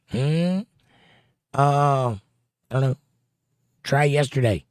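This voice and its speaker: A man's voice: a little high, darkish tone, dry recording, clean studio sound. A man hosting a casual livestream, reading out viewer comments with a chatty, joking manner. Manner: jokey, chatty, quick to pun. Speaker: livestream host.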